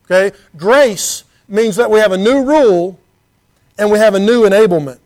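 Male preacher with a high voice, earnest and chatty in the pulpit, reads scripture aloud, keeps asking the room questions. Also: moderate pace, darkish tone. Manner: earnest, conversational, with rhetorical questions; reads scripture in King James wording. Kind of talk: sermon.

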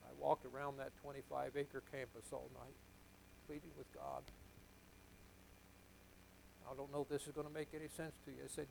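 A man's voice: medium pitch, flat delivery, normal speed, vocal fry, pauses often, slight background noise, rough recording. Emotional older man preaching a sermon. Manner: emotional, confessional storytelling that swings from hushed to loud.

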